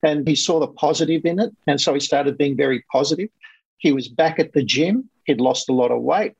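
Gravelly storytelling man, animated. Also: on the high side, a little fast, dry recording, rough recording. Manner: animated, quotes others in lively voices. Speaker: guest coach. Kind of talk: conversational storytelling.

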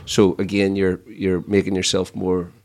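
Low, gravelly man, halting and repetitive in loose chat. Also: completely flat delivery, a little mellow. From Dungiven, Northern Ireland. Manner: halting, repeats words as he builds a point. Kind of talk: casual chat.

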